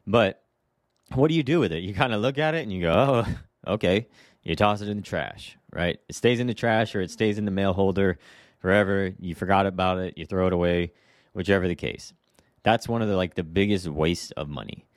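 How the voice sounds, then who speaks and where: Man, low deep voice, blunt casual podcast rant, rhetorical questions, dry close recording. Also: fairly quick, no room sound. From Hawaii. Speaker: podcast host, real estate agent. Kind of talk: casual solo podcast monologue.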